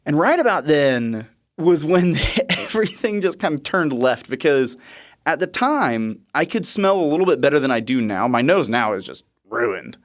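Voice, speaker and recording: A man in his thirties, a podcast host and nurse, telling a story in a lively, chuckling way. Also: on the high side, normal speed. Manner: lively, chuckling, animated retelling. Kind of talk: casual storytelling.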